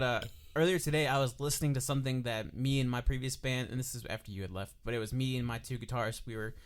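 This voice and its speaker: A man co-hosting a podcast in casual chat, rambling with many "like"s as he tells a story. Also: medium pitch. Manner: rambling, heavy use of "like". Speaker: podcast co-host.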